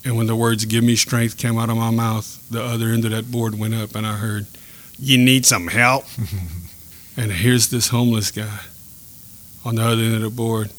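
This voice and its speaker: Man, low-pitched, reflective testimony, halting restarts. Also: completely flat delivery. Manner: earnest, reflective storytelling with pauses and restarts. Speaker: guest telling a faith story. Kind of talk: personal testimony in a podcast chat.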